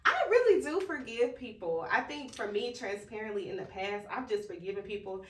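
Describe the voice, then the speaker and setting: A woman's voice: mid-range voice, animated, fairly quick, slight background noise. A woman co-hosting a podcast in casual, emphatic, slangy chat. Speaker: podcast co-host. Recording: roomy, distant from mic.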